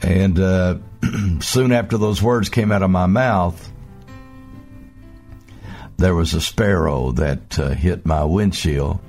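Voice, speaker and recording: A man giving a devotional message as a minister, earnest and halting, pausing often on fillers. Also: low voice, a little mellow, soft background music.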